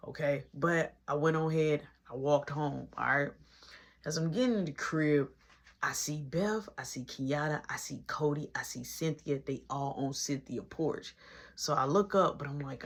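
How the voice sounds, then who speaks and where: A woman's voice: low voice, lively intonation, unhurried, husky. A woman telling a slangy first-person story in a casual series, acting out every line of dialogue.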